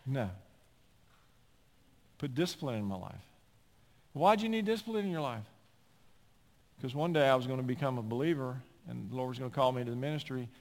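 A man preaching a sermon as a pastor, animated and climbing at times to near-shouting. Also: mid-range voice. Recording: long hall reverb.

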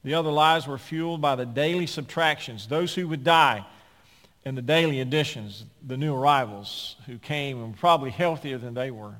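A male pastor delivering a sermon, swinging between emphatic loud passages and hushed quiet ones. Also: medium pitch. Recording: long reverb of a large hall.

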